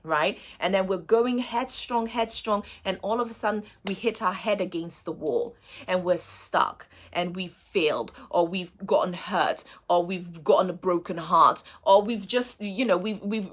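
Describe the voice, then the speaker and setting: A woman hosting a faith-based motivational show, speaking earnestly and repeating key phrases for emphasis. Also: medium pitch.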